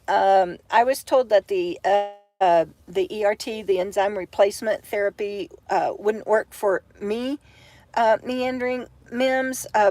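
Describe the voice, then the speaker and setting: A tired, brain-foggy woman, chatting on a home livestream from bed, halting and full of fillers and restarts as she reads viewer comments. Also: mid-range voice, no echo. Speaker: vlogger hosting a livestream. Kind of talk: rambling livestream chat.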